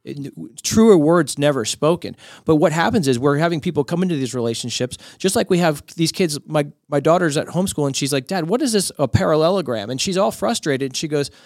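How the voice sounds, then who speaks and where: A man hosting a podcast, telling stories in a lively, conversational way and acting out the people he quotes. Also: on the high side, brisk, few pauses, no echo, studio quality. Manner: animated storyteller acting out quoted voices. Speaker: podcast host. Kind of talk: casual storytelling conversation.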